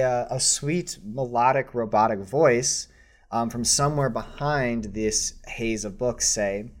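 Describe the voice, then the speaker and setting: Game master, male, fairly low voice, loose narration full of fillers. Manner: casual, rambling, many fillers.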